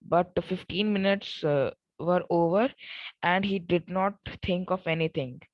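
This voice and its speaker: A woman's voice: lowish voice, unhurried, no echo. A woman reading a story aloud, stopping to retell and explain parts in her own words, with self-corrections and fillers. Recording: dull, muffled recording.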